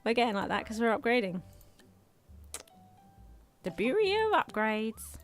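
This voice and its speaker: Woman game streamer, young, chatty and giggly, hiccupping, animated pitch, faint game music behind. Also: a little slow. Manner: chatty, laughs often, animated exclamations. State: has hiccups. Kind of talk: casual live-stream chat while gaming. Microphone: desk microphone.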